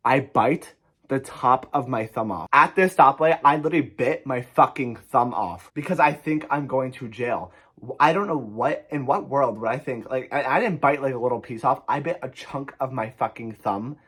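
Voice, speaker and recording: A man's voice: mid-range voice, moderate pace, husky. Young man telling a profane storytime. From New Jersey. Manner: animated, profane, rambling. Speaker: vlogger. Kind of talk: storytime vlog.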